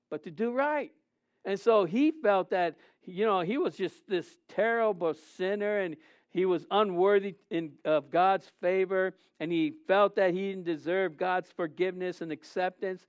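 A middle-aged man preaching a sermon as pastor, his delivery swinging between emotional, raised passages and quiet, subdued confessions. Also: sits high, no room sound, dull audio. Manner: emotional preaching with rising and falling intensity.

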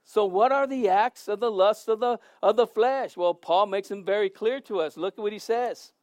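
Brief: male preacher, high voice, earnest, emphatic sermon delivery, dry close sound. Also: moderate pace, darkish tone, dry recording. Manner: earnest, emphatic, repeats words as he speaks.

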